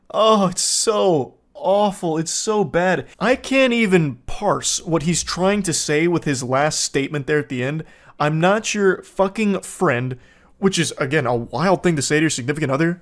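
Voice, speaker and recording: A man giving comedic commentary on text messages in a sardonic, incredulous tone. His voice sits a bit high for a man.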